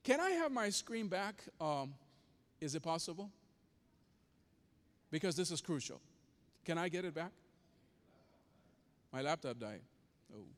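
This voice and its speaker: A man's voice: on the high side, sing-song, a little slow, pauses often, big-room sound. A man preaching as pastor, telling a story with passion and acting out the voices in it.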